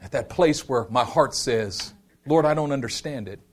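A man's voice: medium pitch, normal speed, breathy edge. A man preaching a sermon with passion, leading his congregation in repeated call-and-response lines. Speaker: pastor.

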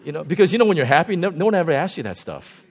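A male pastor giving a conversational sermon, animated and often chuckling. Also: fairly high pitch, racing.

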